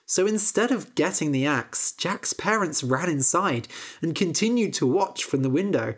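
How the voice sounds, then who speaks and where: With a deep voice, a female storyteller reads a fairy tale out loud. Her delivery is slow, clear and expressive, aimed at people learning English.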